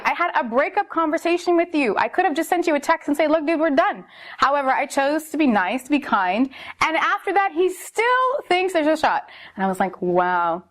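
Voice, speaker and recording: A young woman tells a dating story straight to her camera in a casual vlog. She sounds exasperated and animated and leans on fillers. Her voice sits a touch higher than most. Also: fairly quick. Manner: exasperated, animated storyteller who repeats "like" and "seriously". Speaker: vlogger telling a dating story.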